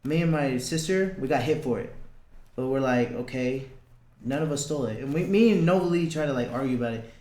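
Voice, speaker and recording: In a recording with a roomy echo, a young man shares a personal story as a podcast guest, speaking a little fast in a warm, medium-pitched voice. He's blunt, swears freely, and performs the lines he quotes in this casual storytelling.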